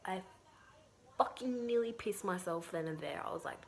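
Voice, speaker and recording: Australian woman vlogger, casual storyteller, slightly low pitch, chatty with fillers and cursing. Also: normal speed, vocal fry, slight background noise. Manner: chatty, full of "like" and swearing.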